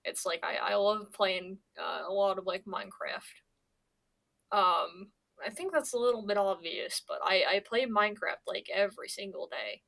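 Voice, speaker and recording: Speaking at normal speed in a mid-range, slightly bright voice with vocal fry, this young Pennsylvania woman rambles casually on her stream. She swears and stammers, restarting often.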